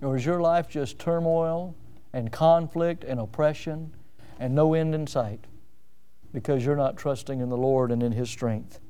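A middle-aged man preaches with earnest conviction. His voice sits a little high for a man and stays smooth and resonant. He slows down deliberately whenever he recites the words of a hymn. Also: dark tone. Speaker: pastor. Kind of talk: evening sermon.

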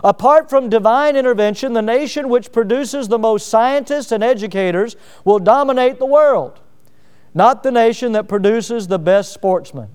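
Male preacher, high and clear-toned, reads aloud and stops to comment, stressing key words. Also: moderate pace, a little mellow. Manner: reads a passage then breaks off with asides and checks. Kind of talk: sermon reading and commenting on a book.

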